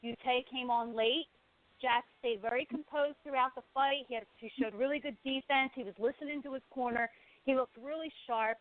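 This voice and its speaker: A woman's voice: high-pitched, steady tone, normal speed. Blunt, opinionated woman talking boxing. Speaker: boxing show co-host. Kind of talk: casual sports chat. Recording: tinny phone-like sound.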